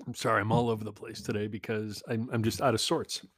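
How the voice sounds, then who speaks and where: A man's voice: on the low side, level tone, fast talker, husky. A man in a casual rambling monologue, ranting and self-deprecating, swearing often.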